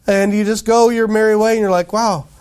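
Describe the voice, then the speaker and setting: A pastor preaching a sermon in a casual, conversational way, often asking the congregation questions and acting out quoted voices. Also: male voice, sits high, little pitch movement, quick pace, a little mellow, clean tone.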